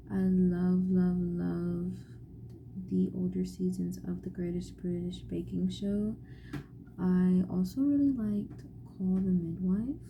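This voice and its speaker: A young woman vlogging casually as she paints at home, musing softly and often half-whispering to herself. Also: on the low side, gravelly, slight background noise, low-quality recording. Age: young adult. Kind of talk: casual chat while painting.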